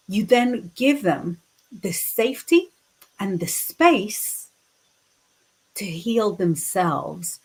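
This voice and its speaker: Woman in her fifties from the UK, tarot reader on a live stream, unhurried, reads chat messages aloud. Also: medium pitch, husky, poor audio. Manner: reads viewer comments aloud, chatty and warm-hearted. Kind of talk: casual livestream chat.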